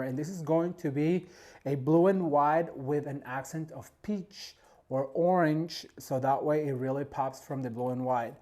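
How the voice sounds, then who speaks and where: Guy doing a floral design how-to, warm mellow voice, chatty and excited, talks right to the viewers. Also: a little high. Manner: chatty and enthusiastic, addresses viewers as "you guys". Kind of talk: casual step-by-step tutorial.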